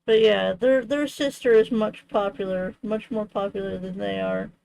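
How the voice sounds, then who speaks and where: On the high side, creaky and a little mellow, this young woman's voice comes through a low-quality recording. She's hosting a crafting livestream, chatting and rambling casually with frequent "like" and "you know."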